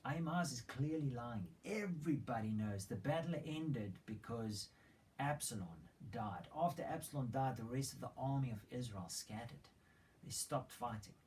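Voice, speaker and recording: A man preaching a sermon as a story, retelling it with dramatic emphasis and hushed moments. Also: mid-range voice, animated, normal speed. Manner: dramatic retelling, swings between loud emphasis and hushed whispers. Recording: distant mic with faint background noise.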